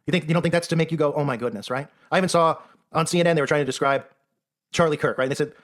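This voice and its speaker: This man speaks very fast with a fairly high, fairly bright voice and fairly even intonation. He's an online commentator in a rapid-fire monologue, sarcastic and emphatic, often tacking "right?" onto his points.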